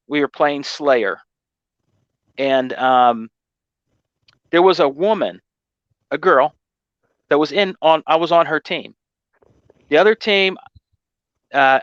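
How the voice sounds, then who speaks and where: A man with a high-pitched voice tells a gaming story in loose, rambling casual chat, leaning on "you know what I mean" and "man". The recording is dry and close, with a slightly dull, muffled tone. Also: fairly bright tone, no echo. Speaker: gaming channel host.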